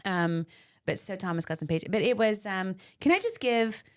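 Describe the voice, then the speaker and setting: A middle-aged woman with a Long Island accent, co-hosting a podcast in casual chat and telling stories with lively quoted voices. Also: medium pitch, moderate pace. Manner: chatty, animated storyteller, jumps into quoted voices. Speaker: podcast co-host.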